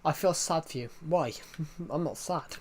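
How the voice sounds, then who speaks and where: A man's voice: a little high, a little slow, slight background noise. A man live-streaming a game, chatting casually and rambling to his viewers. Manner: rambling, chatty, talks to himself. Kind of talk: casual live-stream chat while gaming.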